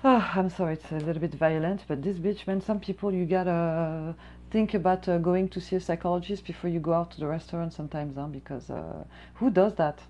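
A woman's voice: fairly low pitch, steady tone, dark tone, muffled recording. A woman who works as a restaurant server, telling a casual storytime rant in a heated, profane way. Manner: profane, heated, fast-talking.

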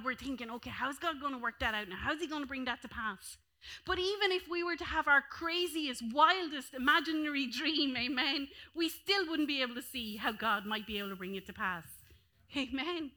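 A woman's voice: sits high, lively intonation, normal speed, sharp tone. A woman preaching a sermon, dropping in "amen" often and swinging her voice up and down for emphasis. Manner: calls "amen" often, voice rising and falling with emphasis.

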